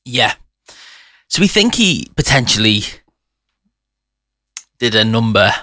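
Chatty co-presenter, dry sound. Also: male voice, medium pitch, sing-song, slow, sharp tone, no room sound. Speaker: radio co-presenter. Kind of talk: casual radio banter.

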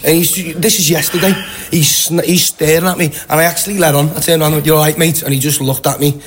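A Liverpudlian man with a Scouse accent, telling animated anecdotes in a casual interview. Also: a little high, fast talker, a little hiss or hum. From Liverpool, England. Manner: chatty, animated anecdotes with acted-out quotes. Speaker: guest. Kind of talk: casual storytelling.

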